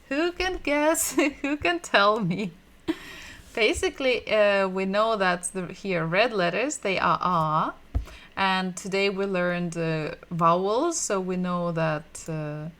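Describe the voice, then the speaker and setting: A woman's voice: medium pitch, fairly bright tone. A woman who speaks natively teaches a language lesson, patiently repeating sounds and asking learners questions. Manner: asks the audience questions.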